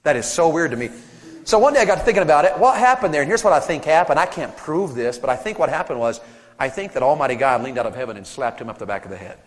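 A man from Tennessee preaching a sermon to teenagers, telling stories animatedly with sudden loud shouts. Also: a little high, animated, quick pace. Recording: long reverb of a big hall.

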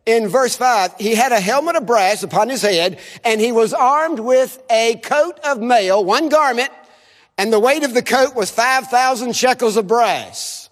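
High-pitched guy preaching in a chapel, really animated, getting the crowd to repeat after him, echoey hall. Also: measured pace. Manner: animated, has the audience repeat phrases. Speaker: visiting preacher. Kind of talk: sermon. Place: chapel service.

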